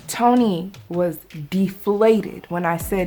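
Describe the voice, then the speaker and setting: A woman vlogger telling a dramatic story in a casual, animated, conversational way. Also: mid-range voice, moderate pace, soft background music.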